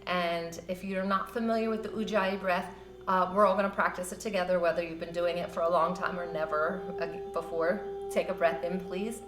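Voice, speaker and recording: A woman teaching a yoga class, guiding breathing and stretches in a gentle, encouraging, loosely conversational way. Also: lowish voice, fairly even intonation, a little fast. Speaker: yoga instructor. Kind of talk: guided yoga class instruction. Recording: roomy with soft music behind.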